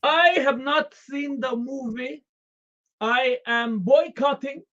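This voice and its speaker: A streamer playing a devoted Russian communist comrade with a put-on Russian accent, speaking in deadpan, formal broken English on a comedic live stream. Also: high voice, takes it slowly, highs cut off.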